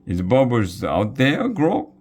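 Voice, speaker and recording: A man's voice: mid-range voice, huge pitch swings, takes it slowly, a little mellow, voice pushed up, exaggerated voice. A man reading a storybook aloud, voicing a frightened young boy student who talks in an anxious, pleading way. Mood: suspicious.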